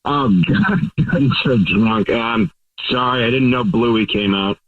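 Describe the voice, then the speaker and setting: A man's voice: medium pitch, slow pace, no echo. A man on the phone with a radio show, sounding sheepish and joking. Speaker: caller. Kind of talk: casual phone chat. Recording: distant tinny phone line.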